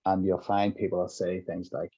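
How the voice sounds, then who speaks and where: Middle-aged male guest, low husky voice, reflective explainer, dull lo-fi sound. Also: flat delivery, moderate pace, warm tone, soft background music. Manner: reflective, walks through examples with hypothetical dialogue. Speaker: guest, compassionate inquiry practitioner. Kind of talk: explanatory interview talk. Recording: dull lo-fi audio.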